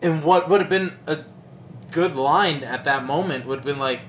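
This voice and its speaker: A man's voice: fairly high pitch, normal speed, fairly bright tone, slight background noise. A man co-hosting a podcast, chatting about a movie in a laid-back way with crude jokes and lots of agreeing. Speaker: podcast co-host. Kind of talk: casual movie chat.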